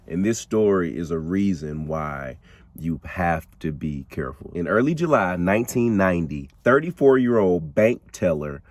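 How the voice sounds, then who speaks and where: Brief: male podcast host, casual slangy storyteller, low voice with very animated pitch. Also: dry recording. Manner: animated, slangy, laughs often, addresses listeners directly. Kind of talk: casual true crime storytelling.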